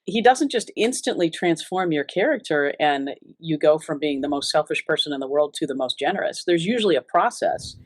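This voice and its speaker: A woman's voice: sits low, no room sound. A woman giving an earnest, reflective personal testimony in an interview, often restarting her sentences. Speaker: interview guest.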